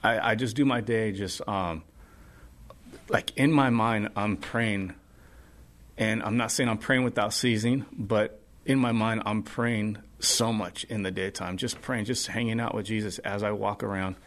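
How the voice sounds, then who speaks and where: A man's voice: on the low side, fairly even intonation, unhurried, fairly bright tone. A man as a podcast guest, sharing earnestly in a casual, rambling way full of fillers. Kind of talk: casual testimony chat.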